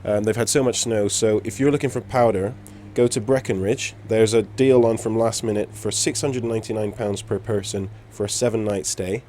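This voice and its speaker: A man presenting the snow forecast in a relaxed, casual way, with a few "uh"s. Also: on the low side, normal speed, few pauses, slight background noise. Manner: relaxed, filler-heavy delivery.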